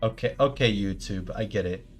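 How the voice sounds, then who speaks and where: A man's voice: fairly low pitch, normal speed, faint music behind. A man chatting casually at the start of a live stream, rambling with many stumbling restarts and playful mock-formal asides.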